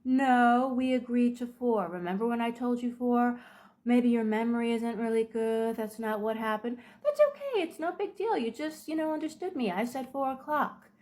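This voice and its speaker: A woman's voice: a little high, normal speed, a little mellow, lightly acted. A woman voicing a manipulative, guilt-tripping psychopath who sounds self-pitying and dismissive. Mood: patronizing. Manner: whiny, wounded and dismissive.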